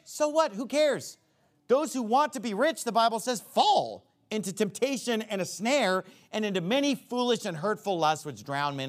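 Man, preacher, sermon, high voice, plain everyday talk, climbs for emphasis. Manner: rises high and loud for emphasis, drops low when explaining.

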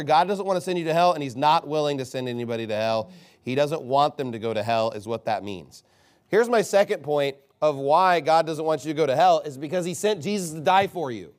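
A pastor preaches a sermon in a relaxed, conversational manner, piling up rhetorical questions. His voice is high for a man and swings widely in pitch as he goes.

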